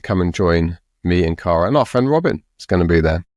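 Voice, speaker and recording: Deep guy cohosting a writers podcast, jokey, rambly, dry mic. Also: animated, brisk, darkish tone, no room sound. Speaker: podcast co-host. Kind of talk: casual chat.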